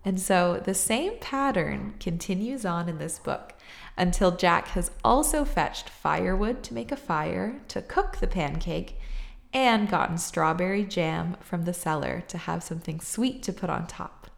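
Woman host reading a kids book, slow n gravelly. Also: on the low side, animated. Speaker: podcast host reading picture books. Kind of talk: storybook read-aloud and casual chat.

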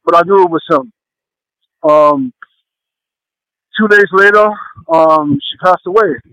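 A man sharing a heartfelt personal testimony, speaking haltingly with many pauses and fillers. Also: high voice, sing-song, gravelly, bright, forceful tone, no echo, rough recording. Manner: earnest and heartfelt.

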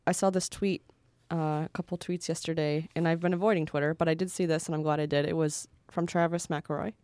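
A woman's voice: on the low side, darkish tone, dry recording. A woman co-hosting a podcast in casual chat, wry and joking, often laughing mid-sentence. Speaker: podcast co-host.

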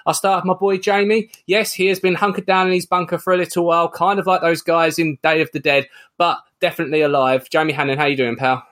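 A man's voice: a little high, level tone, fast talker, a bit bright. A man hosting a film podcast over a remote call, casual and teasing. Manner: jokey, teasing. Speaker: podcast host. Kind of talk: casual chat. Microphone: remote call recording.

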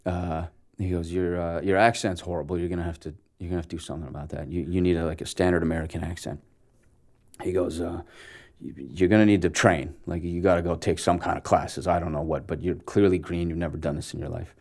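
A man from Canada in his forties speaks in a low, deep voice. He tells a story in a casual interview and acts out the dialogue with plenty of energy, laughing now and then. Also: fairly even intonation, fast, darkish tone. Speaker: actor guest.

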